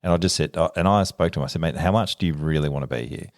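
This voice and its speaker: Australian cop, very low rumbling voice, dry close mic, quick animated storyteller. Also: male voice, dry recording. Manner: animated storyteller, acts out quoted dialogue, laughs often. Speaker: police officer. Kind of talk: casual podcast chat.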